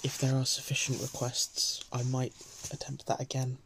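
A woman chatting casually to her viewers and reading a poem aloud, soft-spoken and often slipping into a whisper. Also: extremely low pitch, completely flat delivery, normal speed, a little hiss or hum. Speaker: host of a daily poem reading. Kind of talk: casual chat and poetry reading.

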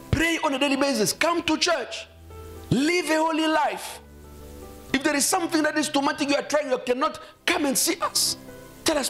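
A man's voice: extremely high pitch, a bit bright. A man preaching a sermon as pastor, emphatic and exhorting, often calling out hallelujah. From South Africa.

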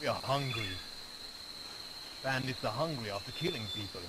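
A man's voice: mid-range voice, normal speed, very noisy. A man in game voice chat, barking bossy, threatening orders at a captive player. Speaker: gamer.

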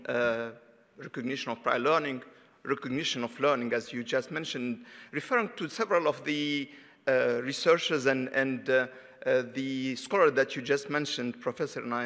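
A man's voice: medium pitch, fairly bright tone. A man from Tunisia moderating an academic panel, hesitant, with many fillers and restarts. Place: conference hall. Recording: reverberant conference hall.

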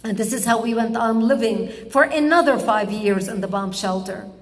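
A woman from Lebanon giving an impassioned public speech, telling stories slowly with emphatic pauses. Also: a little high, in a large hall. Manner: dramatic storytelling, slow emphatic pauses. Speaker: public speaker. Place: public event hall.

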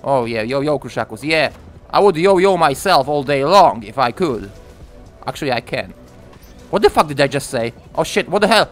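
A young man commenting on his own gameplay from home, swearing a lot and ranting with excitement. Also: mid-range voice, normal speed, faint music behind. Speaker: gaming commentator. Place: room at home.

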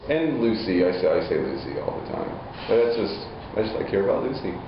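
An offhand man rambles in a lowish voice with big swings. His voice rings in an echoey room. The recording is lo-fi and noisy. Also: big pitch swings, fast talker. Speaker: cast member. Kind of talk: casual chat.

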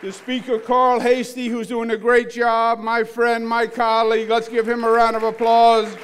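A man in his fifties with a Queens, New York accent, giving a dinner speech as governor in a large banquet hall, joking and measured. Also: very high-pitched, completely flat delivery, a faint crowd, a little hiss or hum. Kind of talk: public address at a dinner.

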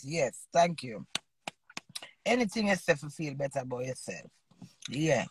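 A woman's voice: low-pitched, big pitch swings, measured pace, long pauses, slight background noise. A middle-aged woman from Jamaica with a Jamaican accent, ranting boisterously to her viewers in patois and laughing often. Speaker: vlogger. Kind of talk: casual rambling rant to viewers.

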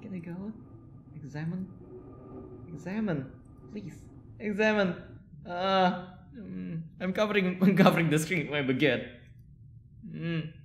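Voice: medium pitch, gravelly, lo-fi sound, slight background noise. Jittery horror-game streamer, roomy sound. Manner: nervous, repeats short phrases, swings from soft murmurs to yelps. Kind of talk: live gameplay commentary. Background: game music.

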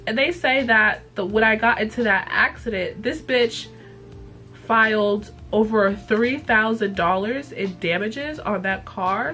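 Young woman, vlogger, casual recap, slangy and profane, animated storytelling, faint background music. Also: on the high side. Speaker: vlogger recapping a cartoon episode. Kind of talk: casual chat.

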